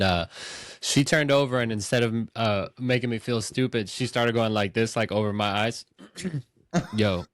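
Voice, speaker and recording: A man hosting a casual movie podcast, telling stories in an excitable, animated way. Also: medium pitch, no room sound, studio quality. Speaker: podcast host.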